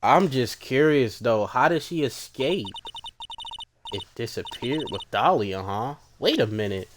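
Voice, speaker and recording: Slangy, excitable man playing a game. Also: medium pitch, measured pace, background noise. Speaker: gaming streamer. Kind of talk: casual let's-play commentary.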